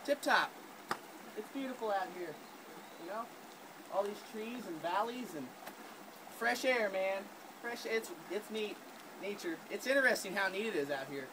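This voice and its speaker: A man's voice: high voice, expressive, normal speed, pauses often. A young man playing a goofy nature guide outdoors, rambling in a fake-expert way with many fillers. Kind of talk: goofy deadpan nature-show parody. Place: outdoors in woods and rocky creek bed. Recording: outdoor camera audio with noise.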